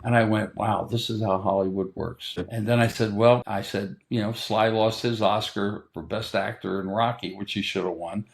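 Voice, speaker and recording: An older man, a guest in an interview, telling a story in a casual, animated way and acting out what other people said. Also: fairly low pitch, moderate pace, vocal fry, few pauses.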